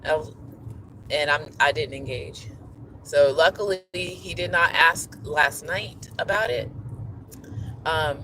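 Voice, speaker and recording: A man who is a teacher, talking earnestly and candidly in a personal vlog, often checking in with "okay?". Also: sits high. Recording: loud vehicle noise behind.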